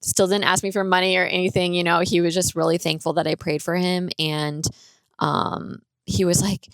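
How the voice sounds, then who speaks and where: A woman talks through a personal story on her podcast, casual and rambling, with "like" dropped into nearly every sentence. Her voice sits somewhat low and has a gravelly, fry-tinged texture. The sound is dry and close, with no room echo. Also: flat delivery, normal speed. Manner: chatty, rambling, fills speech with "like". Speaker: podcast host.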